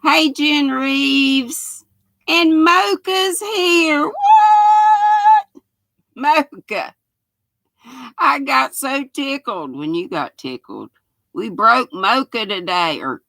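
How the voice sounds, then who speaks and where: A woman's voice: medium pitch, very animated, slow pace, vocal fry, bright, forceful tone, no room sound. An older woman with a Southern accent, hosting a casual livestream, chatting folksily and greeting viewers one by one by name. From North Carolina. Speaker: livestream host.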